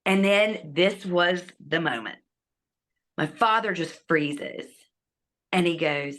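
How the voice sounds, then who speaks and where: Give me a middle-aged woman as an interview guest, animated storyteller with a bright, slightly low voice. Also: moderate pace. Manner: animated, acts out quotes, drops to hushed asides.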